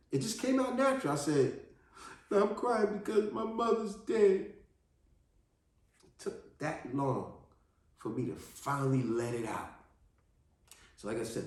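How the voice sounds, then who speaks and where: A man telling a personal story in an earnest, animated monologue, often restarting his sentences. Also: mid-range voice. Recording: very echoey room.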